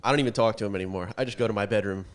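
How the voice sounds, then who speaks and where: A man's voice: fairly low pitch, rapid-fire, clear, resonant tone. A man chatting casually as a podcast guest in an easygoing way. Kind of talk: casual chat.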